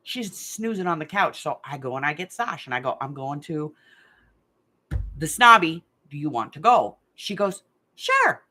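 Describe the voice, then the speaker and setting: Her deep voice is animated, pushed and bright, at a moderate pace. She's a chatty middle-aged woman hosting a craft channel's live stream game from a hot room at home, rambling through stories and laughing often.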